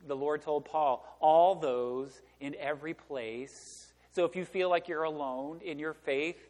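A man's voice: on the high side, a little slow, a little mellow. Preaching man in a reverberant church. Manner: emphatic preaching, asks the congregation to fill in words. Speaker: pastor. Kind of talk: sermon. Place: church sanctuary.

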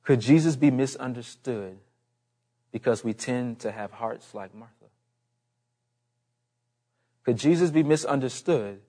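A man's voice: medium pitch, dark tone. A man preaching a sermon in an earnest, emphatic way, repeating his key phrases.

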